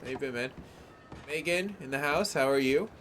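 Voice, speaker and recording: A man's voice: medium pitch, moderate pace, fairly bright tone, slight background noise. A man streaming a video game live, chatting casually and greeting viewers by name in laid-back slang.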